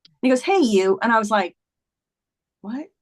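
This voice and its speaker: A woman's voice: on the high side, moderate pace. A woman in her fifties, a podcast guest, earnestly retelling a personal story in conversation, with many "like"s.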